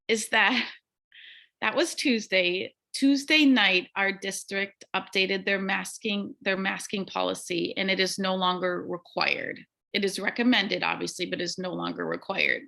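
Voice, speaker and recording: A woman, an early childhood teacher, casually retelling a stressful encounter in an animated way, with anxious restarts and quoted dialogue. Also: mid-range voice. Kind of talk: casual storytelling conversation.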